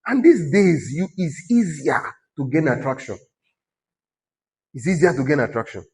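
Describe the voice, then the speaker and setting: A man's voice: a little high, lively intonation, normal speed, gravelly, darkish tone. A man with a Nigerian accent preaching a sermon as a pastor, exhorting and teasing his congregation in a conversational way.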